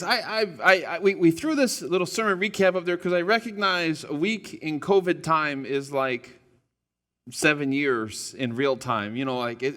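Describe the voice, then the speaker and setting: In a church sanctuary with long hall reverb, a pastor opens his sermon to the congregation in a casual, joking way. His voice is fairly high, animated and a bit bright at a moderate pace, and he's chatty and self-deprecating, often stumbling and restarting.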